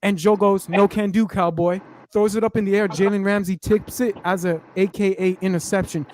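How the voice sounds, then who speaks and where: A man with a high voice talks through a long, animated football story in loose slang. He hosts a casual sports chat, and a faint hiss sits under his voice. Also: brisk. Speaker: podcast host.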